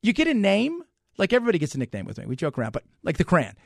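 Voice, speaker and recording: A fired-up male radio host rants with sarcasm. His pitch leaps all over and sits a little high. The studio sound is dry and close. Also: wildly swooping pitch, very fast, gravelly, dry recording. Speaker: radio talk show host. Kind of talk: talk radio banter.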